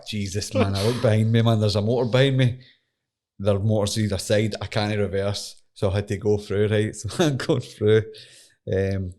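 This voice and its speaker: A man's voice: on the low side, a little mellow. A young Scottish man, an MMA fighter, telling a story in casual, sweary conversation and laughing as he goes. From Scotland.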